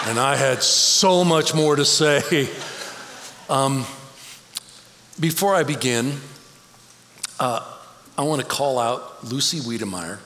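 A man's voice: medium pitch, fairly bright tone, slight background noise. A middle-aged man giving a conversational, storytelling sermon as a guest speaker in a church. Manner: conversational, storytelling, emotional at times. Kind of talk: personal sermon talk. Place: church sanctuary. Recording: church hall reverb, faint ambience.

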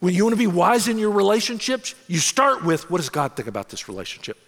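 Lively, gravelly middle-aged pastor preaching. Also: male voice, sits high, fast talker, big-room sound. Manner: storytelling, animated, self-mocking. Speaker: senior pastor. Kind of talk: sermon.

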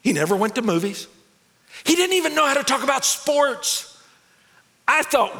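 A man performing a theatrical stage monologue, expressive and animated, with nervous, self-mocking laughs. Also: very high-pitched, normal speed, creaky, long pauses. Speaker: stage storyteller. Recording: long hall reverb.

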